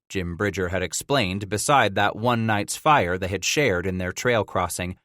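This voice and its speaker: A man's voice: low voice, a little slow, few pauses, no room sound, clean studio sound. Man narrating a western audiobook. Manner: steady storytelling delivery. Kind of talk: scripted narration.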